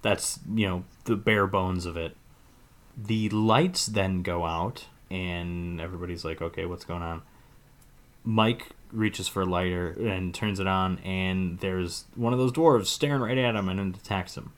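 A man's voice: deep voice, unhurried. A man co-hosting a podcast, casually recapping a film's plot in a rambling way, hedging often. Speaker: podcast co-host. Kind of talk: casual movie recap chat.

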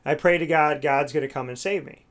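A man's voice: fairly high pitch, brisk, fairly bright tone. A man voicing a stubborn drowning man who keeps insisting he is fine.

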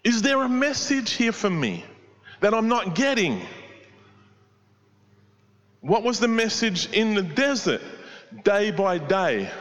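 A man's voice: high voice, very animated, slow pace, long pauses, a bit bright, long reverb tail, muffled recording. A man preaching a sermon and explaining a prayer line by line, with many rhetorical questions. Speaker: pastor.

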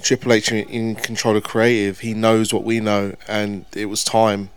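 Brief: smooth low male voice, flat delivery, earnest. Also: moderate pace. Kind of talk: casual review chat.

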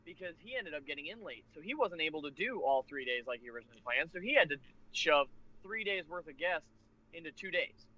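A man casually telling a rambling, animated convention story with laughs and restarts. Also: fairly high pitch, fast. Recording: lo-fi muffled recording.

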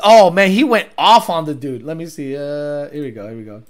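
A man's voice: a little high, lively intonation, moderate pace. A man hosting a casual reaction video, rambling and joking in a crude, profane way. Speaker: host.

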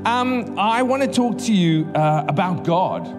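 A man preaching a sermon in church, telling stories in a lively, conversational way. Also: high voice, measured pace. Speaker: guest preacher. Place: church hall. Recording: live hall reverb with faint music.

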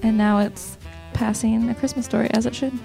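A woman's voice: fairly high pitch, steady tone, a little fast, gravelly, dark tone, soft background music. A woman in a casual podcast chat, trading light, laughing banter. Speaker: podcast guest.

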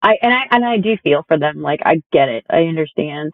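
A woman's voice: low voice, animated, fairly quick, no echo. Woman, podcast guest, talkative with restarts, phone-like dry audio. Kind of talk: casual chat. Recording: tinny phone-like call audio.

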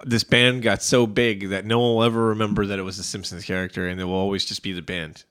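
A man's voice: lowish voice, little pitch movement, fast talker, fairly bright tone. A man from New Jersey, co-hosting a podcast and ranting heatedly about work, often acting out his coworkers' voices. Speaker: podcast co-host. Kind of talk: casual profane chat.

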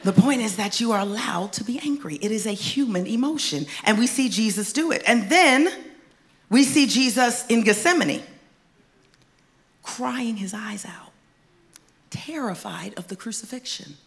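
A woman preaching a sermon in a conversational, folksy way, swinging from loud emphatic bursts to hushed whispers. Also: on the high side, expressive, a little slow. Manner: conversational, folksy asides to the congregation. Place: church stage before a congregation.

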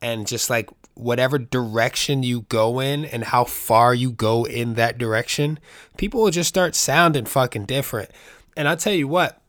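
A man from the Bronx with a New York accent, hosting a casual solo podcast in a rambling, profane, animated way. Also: mid-range voice, normal speed, dry recording, studio quality. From the Bronx, New York City. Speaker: podcast host.

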